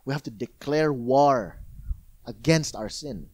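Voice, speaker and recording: A male pastor preaching a sermon in an animated, conversational way, often asking rhetorical questions. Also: mid-range voice, slow pace. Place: church.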